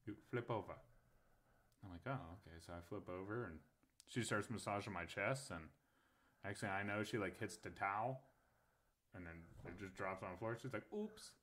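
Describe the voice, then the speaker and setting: A man's voice: lowish voice, normal speed, pauses often, a bit bright. A young man and podcast co-host telling a crude story in casual chat, laughing often.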